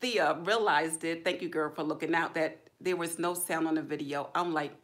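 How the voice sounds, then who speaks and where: A woman with a fairly low voice hosts a relaxed livestream chat. She talks in an easygoing, drawling way. Now and then she jumps up in pitch to greet viewers by name. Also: moderate pace. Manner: chatty, greets viewers by name with excited high exclamations; relaxed, drawling, informal speech. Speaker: YouTube livestream host.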